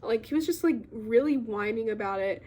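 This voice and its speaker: A woman's voice: a little high, animated, a little fast, darkish tone. A young woman casually recapping a book she read, rambling with lots of fillers and giggly asides. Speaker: book vlogger.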